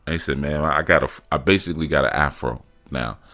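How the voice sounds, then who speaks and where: Speaking fast in a rumbling low voice with a sharp tone, a middle-aged spiritual teacher delivers a casual talk-show monologue. His storytelling is loose, sprinkled with "man" and "you know," and he acts out quotes and gets emphatic now and then.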